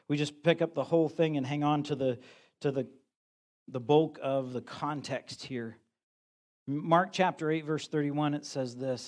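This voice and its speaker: A middle-aged pastor preaching to his congregation in a loose, conversational way. He pokes fun at himself and often restarts his sentences. His voice sits a little higher than most men's. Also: darkish tone. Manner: conversational, self-deprecating preaching with frequent restarts. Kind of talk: sermon.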